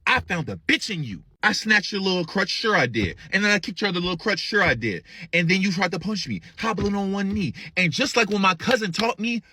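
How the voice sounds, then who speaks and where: A man's voice: high-pitched, lively intonation, brisk, hardly any pauses, bright, forceful tone, slightly rough, no room sound, voice pushed up, exaggerated voice. A man voicing a defiant, cocky teenage girl with a sassy, taunting delivery.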